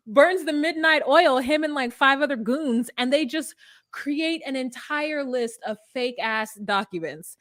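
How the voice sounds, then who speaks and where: Tell it like a woman with a slightly high voice who swears as she tells a story from her notes, close and dry on the mic. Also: normal speed, no echo. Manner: animated, profane, self-correcting. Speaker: podcast host reading from notes. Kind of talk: casual storytelling chat.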